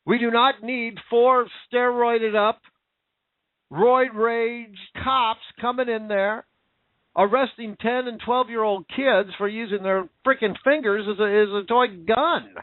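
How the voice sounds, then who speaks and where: A political commentator delivers an angry, sarcastic rant full of swearing, his voice very high with a steady tone. He speaks unhurriedly, and the recording is dry but tinny and phone-like.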